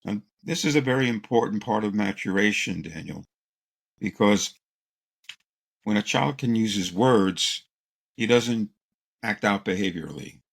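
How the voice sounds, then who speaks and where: Gravelly-voiced man telling stories. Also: fairly low pitch, measured pace, long pauses. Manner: calm, explanatory, acts out quotes. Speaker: child psychologist guest. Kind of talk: interview answer, anecdotal storytelling.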